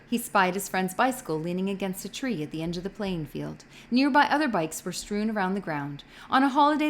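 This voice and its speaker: Brief: woman narrator reading a novel aloud, expressive, mid-pitched, faint hiss behind. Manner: expressive reading with occasional slips. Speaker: reader.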